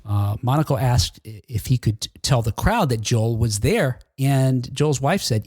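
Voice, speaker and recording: Chatty man with a husky, lively voice. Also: medium pitch, unhurried, few pauses, no echo, studio quality. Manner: chatty storyteller, laughs often. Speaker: podcast co-host. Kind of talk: casual chat.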